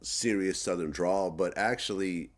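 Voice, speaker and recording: A man's voice: low-pitched, a little slow. A man in a casual debate who keeps challenging the other speaker with questions. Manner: challenging, pushes back with questions.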